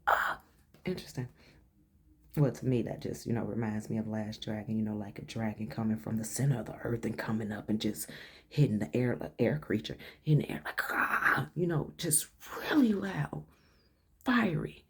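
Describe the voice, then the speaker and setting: A woman giving a casual tarot card reading, blunt and slangy, who swears freely and sometimes swings playfully into a higher voice. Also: expressive, moderate pace, slightly rough. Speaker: tarot reader.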